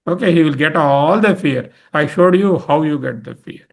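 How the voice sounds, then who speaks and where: A man with an Indian English accent teaching a study circle, chanting verses and then explaining them slowly and with emphasis. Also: fairly high pitch, expressive, vocal fry. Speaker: spiritual teacher.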